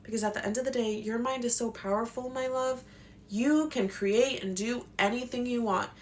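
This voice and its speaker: A woman's voice: on the high side, moderate pace, a little hiss or hum. A young woman giving spiritual life advice in a casual, passionate, slangy talk, swearing now and then. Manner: passionate, slangy, swears, acts out quotes in voices.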